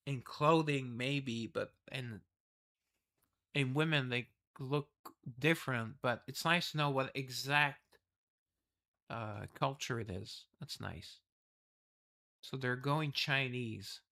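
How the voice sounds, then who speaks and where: A man's voice: medium pitch, slow, pushed and bright. A man casually reading a game's story aloud and rambling through asides and self-corrections. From the West. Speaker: game streamer reading the story.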